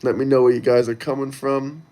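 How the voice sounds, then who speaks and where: A man's voice: mid-range voice, flat delivery, brisk, mellow. A man hosting a casual livestream, talking loosely and crudely straight to his viewers as he reads the chat. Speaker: livestream host reading chat.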